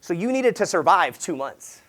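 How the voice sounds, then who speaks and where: Speaking at a moderate pace, this real estate agent from Southern California gives a lively motivational talk at a sales summit. His storytelling is casual and sprinkled with "like" and "right?", and when he quotes people he leaps abruptly in pitch and loudness.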